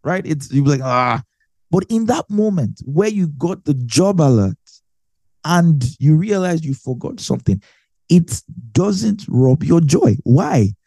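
Male Bible teacher, mellow tone, dry sound, talks it through with everyday examples. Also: fairly high pitch, very animated, unhurried, vocal fry, slightly rough, dry recording. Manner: explains with everyday examples, repeats phrases for emphasis.

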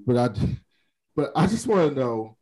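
A man's voice: mid-range voice, measured pace, rough recording. Laughing, storytelling podcast co-host man. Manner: laughs often while telling a story; animated retelling of a conversation. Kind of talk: casual chat.

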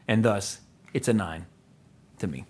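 A man hosting a relaxed film podcast, talking in a loose, rambling way. He laughs often and fills his sentences with "like" and "you know". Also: on the low side, a little slow, slightly rough. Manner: rambling and enthusiastic, laughs often, many fillers. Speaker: podcast host. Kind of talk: casual movie podcast chat.

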